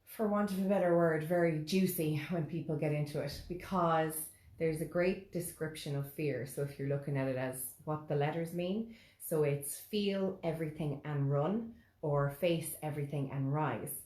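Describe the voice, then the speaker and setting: A woman in casual chat as co-host, talking in a calm, measured, reflective way. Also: low voice. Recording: echoey room.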